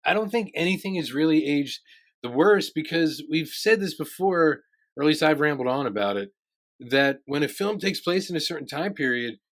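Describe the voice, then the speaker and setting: A man's voice: a little high, animated, normal speed, a bit bright. A man co-hosting a film podcast in casual chat, agreeable and often restarting his sentences. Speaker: podcast co-host.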